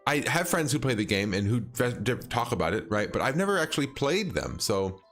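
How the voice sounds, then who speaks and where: Soft background music accompanies a streamer's sing-song, fairly bright mid-range voice, which moves a little fast. He's a man talking casually with viewers about his gameplay, wandering and hesitant, packed with fillers, false starts and lots of chuckling.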